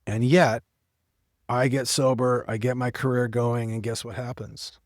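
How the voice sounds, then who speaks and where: A man's voice: mid-range voice, little pitch movement, unhurried, no echo, clean studio sound. A middle-aged man, a podcast guest, telling his personal story in casual talk, acting out the people he quotes. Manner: earnest storytelling with quoted dialogue.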